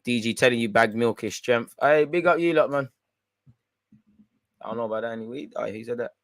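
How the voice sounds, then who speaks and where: A man hosting a live football watch-along, reacting excitably and chatting with viewers in slang. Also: mid-range voice, a little fast, no echo.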